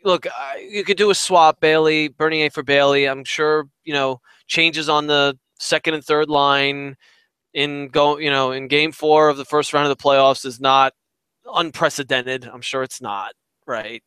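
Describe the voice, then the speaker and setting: A man's voice: a little high, steady tone, a little slow, sharp tone, clean tone, dry recording. A man co-hosting a casual sports talk show, hesitant and questioning, often trailing off mid-thought. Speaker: sports podcast co-host.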